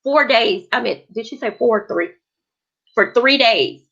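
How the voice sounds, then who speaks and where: A woman's voice: on the high side, expressive, measured pace, creaky, fairly bright tone. Comforting woman live-streamer, lo-fi sound. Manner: caring, comforting, emphatic. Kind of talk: casual live stream chat, reading comments aloud. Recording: slightly lo-fi.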